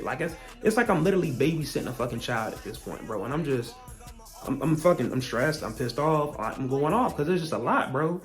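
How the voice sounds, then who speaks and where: Young man, storytime vlog, rapid-fire, profane, heated, faint music underneath. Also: fairly high pitch. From Virginia, US. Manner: profane, heated retelling with animated quoted rants. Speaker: vlogger.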